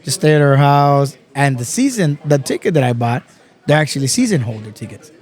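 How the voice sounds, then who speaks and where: A man from Texas, a podcast guest, telling stories in a casual, animated way, swearing often and calling everyone bro. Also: mid-range voice, fairly quick. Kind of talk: casual chat.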